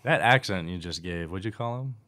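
Deep-voiced man with wry banter. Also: lively intonation, brisk, bright, forceful tone. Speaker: podcast co-host. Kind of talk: casual conversation.

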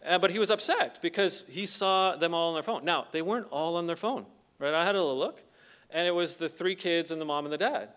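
Speaking a little fast at a fairly high pitch, a middle-aged Canadian keynote speaker tells stories to a conference audience. He animatedly acts out the voices of the people in them.

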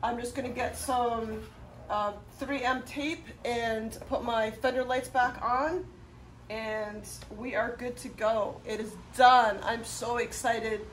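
A woman with a fairly high voice talks viewers through a repair job in a casual, upbeat way. She sounds easygoing and gets excited whenever a part clicks into place. Faint noise sits in the background. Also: takes it slowly. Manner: upbeat and chatty, cheering when parts fit. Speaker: host of a motorcycle how-to channel. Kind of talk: casual how-to instruction.

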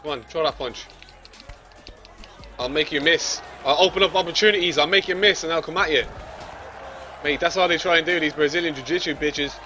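Brash man commentating his game. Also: a little high. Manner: brash and swearing, trash-talks the opponent, yells when losing. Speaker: gamer commentating his own play. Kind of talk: casual gameplay commentary.

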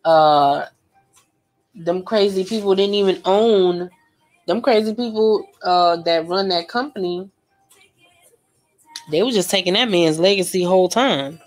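A woman's voice: on the low side, unhurried, pauses often, faint music behind. A young woman chatting casually and emotionally while she paints, with lots of fillers and slang. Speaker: art vlogger painting live.

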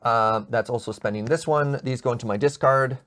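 A man's voice: medium pitch, fairly quick, fairly bright tone. A man streaming a board game with friends, joking and explaining his moves. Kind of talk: casual chat.

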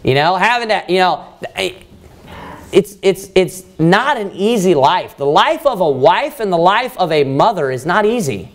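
A man preacher giving a verse-by-verse sermon, animated and conversational, often restarting his sentences. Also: high voice, measured pace. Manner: animated, with frequent restarts and rising emphasis.

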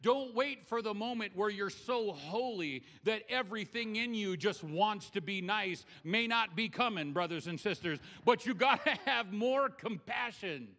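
A man's voice: high-pitched, expressive, unhurried, few pauses, fairly bright tone. A man preaching a sermon as pastor, conversational and humorous, acting out scripture scenes in his own voice.

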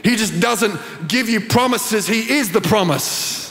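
A man preaching a sermon in an animated, sing-song cadence in a large church auditorium. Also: high voice, unhurried, creaky. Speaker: pastor. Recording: long reverb of a large church hall.

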